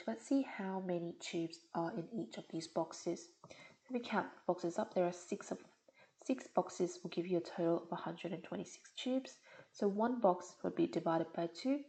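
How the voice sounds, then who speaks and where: A woman's voice: lowish voice, dark tone, poor audio. A woman tutor explaining test questions patiently, step by step.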